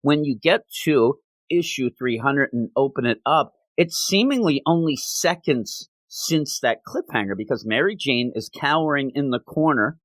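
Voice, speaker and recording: Guy recapping a comic on his podcast, chatty, medium-pitched, close dry mic. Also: expressive, moderate pace, a bit bright, no echo. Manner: conversational, recapping and quoting dialogue. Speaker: podcast host. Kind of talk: casual comic book review.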